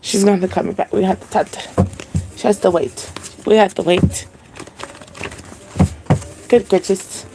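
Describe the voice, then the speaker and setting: A woman's voice: mid-range voice, steady tone, measured pace, long pauses, background noise. A young woman hosting a spiritual channel, giving a casual live-stream reading in a chatty, laid-back way with frequent laughter.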